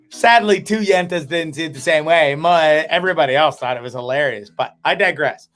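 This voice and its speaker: A man hosting a comedic live show, telling stories in a rambling, profane, animated way. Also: a little high, normal speed, pauses often, soft background music. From Canada. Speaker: host.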